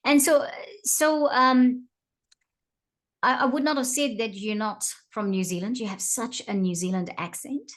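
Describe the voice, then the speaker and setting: A woman's voice: a little high, a little slow, fairly bright tone. A woman host from South Africa with a South African accent, chatting casually with a guest, laughing often and restarting her sentences. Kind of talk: casual conversational interview.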